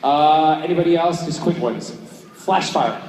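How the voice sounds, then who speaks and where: A man's voice: fairly high pitch, measured pace, darkish tone, recorded from a distance, a little hiss or hum. A man answering fan questions at a convention panel in a playful, chatty way, laughing often. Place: large convention hall. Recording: echoey hall, picked up from afar.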